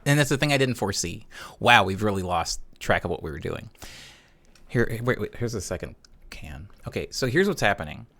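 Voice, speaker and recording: A man chatting casually on a live music-production stream, talking to his chat as he works in his home studio. His pitch swings widely and he breaks into scatted, hummed chord notes between remarks. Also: lively intonation, fairly quick, a bit bright. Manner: chatty, hums and scats chord notes aloud.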